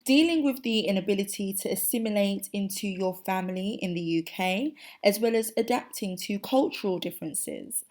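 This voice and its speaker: A woman's voice: mid-range voice, normal speed, few pauses, a little mellow. Composed woman podcast host asking questions. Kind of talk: interview questions.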